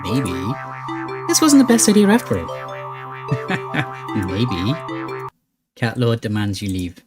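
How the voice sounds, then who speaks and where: Guy doing a lets play, reads the game text out dramatically, lively pitch, music playing under. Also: slow. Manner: playful, reads narration dramatically with laughs and asides. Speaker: gaming channel host. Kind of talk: let's play commentary reading game text aloud.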